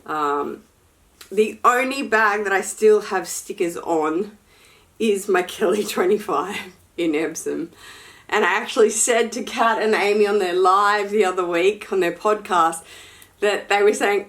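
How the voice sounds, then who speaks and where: A woman's voice: mid-range voice, lively intonation, measured pace, fairly bright tone. A woman luxury fashion vlogger chatting casually and frankly to camera during an unboxing, with sassy asides.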